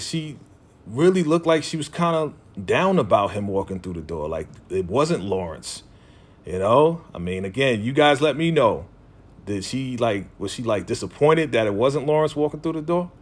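A man talking casually as a TV recap vlogger, loosely quoting characters in his own voice with lots of fillers. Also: mid-range voice. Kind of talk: casual chat.

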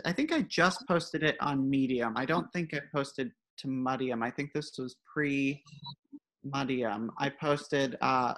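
A woman chatting casually on a group video call, halting with fillers as she introduces her writing. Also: deep voice, a bit bright, low-quality recording. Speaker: guest reader on a group video chat. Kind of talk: casual chat.

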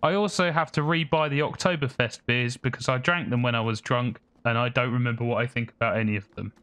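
A man's voice: medium pitch, steady tone, fast, a bit bright, clean tone. A man giving casual gameplay commentary, chatting and muttering to himself as he plays. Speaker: gaming streamer.

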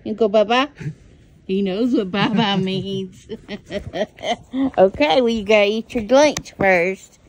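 A woman's voice: medium pitch, slow pace, long pauses, a little hiss or hum. A woman filming a casual home vlog, talking baby talk to her dog. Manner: singsong baby talk to a pet. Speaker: vlogger.

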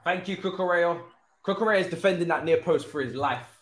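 A young man giving live commentary on his own football video game match, excitable, pleading and swearing often. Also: a little high, fast. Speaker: gaming streamer. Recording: roomy echo.

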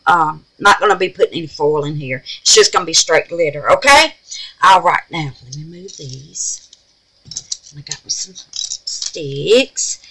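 Southern lady doing a crafting video, low-ish bright voice, folksy, keeps calling folks honey. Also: poor audio. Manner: folksy, calls viewers babies and honey, talks to herself as she works. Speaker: resin craft channel host. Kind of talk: chatty crafting tutorial.

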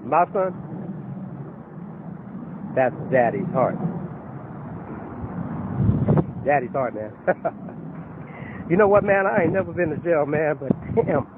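A man's voice: fairly high pitch, animated, a little slow, long pauses. An actor playing a protective father in his fifties or older, on a one-sided phone call in a comedy short. He talks in streetwise slang, says "man" constantly, and swings between pleading and threats. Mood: earnest, pleading. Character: protective, fed-up father of a grown son, over 50. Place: outdoors near a building site. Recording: tinny, wind-blown outdoor recording.

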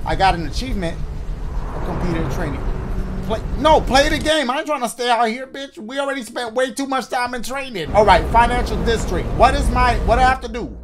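Excitable, swearing man playing a game. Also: very high voice, brisk, noisy background. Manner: excitable, loud, profane, joking. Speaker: gaming video host. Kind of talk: let's play commentary.

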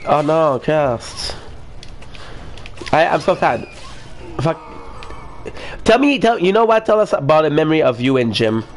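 A man's voice: on the high side, very animated, unhurried, long pauses, a little hiss or hum. A man chatting casually with friends online, joking, teasing and laughing often, swearing freely.

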